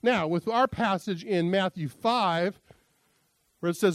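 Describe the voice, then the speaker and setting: A man's voice: high-pitched, slow pace, no room sound. A middle-aged male pastor teaching a sermon in a conversational, jokey way, acting out quoted lines. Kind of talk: sermon teaching on interpreting scripture.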